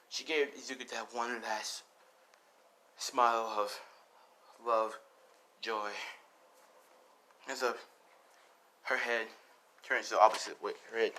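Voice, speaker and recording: A man narrates an improvised fan story in a loose, rambling way, full of fillers and sighs. He talks slowly, and his voice has a bright, forceful tone. A faint noise sits under the recording. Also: mid-range voice, fairly even intonation.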